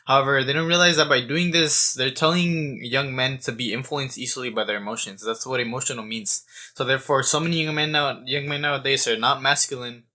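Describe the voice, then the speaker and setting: A man's voice: mid-range voice, fairly even intonation, fairly quick, sharp tone. Blunt, profane young man. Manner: profane, blunt, frequent restarts. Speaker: self-improvement vlogger. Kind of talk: blunt monologue to camera.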